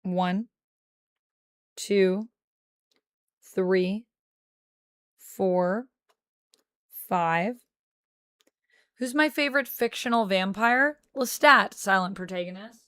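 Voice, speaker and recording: A young woman streaming from home, chatting casually with her viewers and thinking out loud into a close mic. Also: medium pitch, drawn-out words, pauses often, dry recording. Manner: chatty, talks to chat, thinks aloud. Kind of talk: casual livestream chat.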